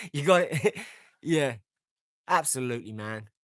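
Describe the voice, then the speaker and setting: A man, hosting a casual live stream, brash and boastful, with slang and swearing, swinging from loud outbursts to low mumbling. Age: 40s.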